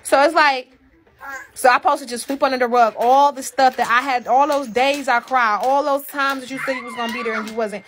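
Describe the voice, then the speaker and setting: Woman, high pitch, live-stream host airing grievances; emphatic, swears freely, repeats herself. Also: fairly even intonation, a little fast, fairly bright tone, slight background noise. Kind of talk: emotional venting to a live audience.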